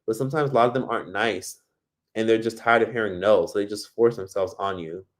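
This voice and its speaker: A man's voice: on the low side, a little fast. A man from Miami hosting a casual livestream, reading comments and giving blunt, profane advice. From Miami, United States. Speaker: livestream host.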